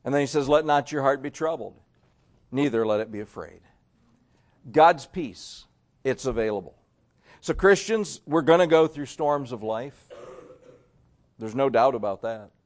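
A man preaching a sermon to a church congregation, swinging between loud emphasis and hushed asides. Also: mid-range voice. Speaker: pastor.

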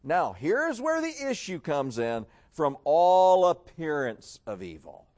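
A man preaching a sermon in an emphatic, sarcastic way, dropping to a hush and then rising again. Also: a little high, big pitch swings, slow. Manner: emphatic, sarcastic, swings between loud and hushed.

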